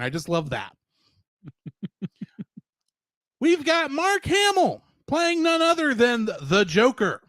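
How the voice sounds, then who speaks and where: A man with a high, lively voice chats casually as a podcast co-host. He laughs easily and keeps things animated. The sound is dry and close, with no room around it. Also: takes it slowly, pauses often, no echo. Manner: laughs often, animated and chatty.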